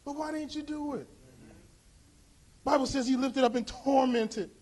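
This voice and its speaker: A man preaching a sermon, impassioned and rising to shouts with drawn-out emphasis. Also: very high voice, steady tone.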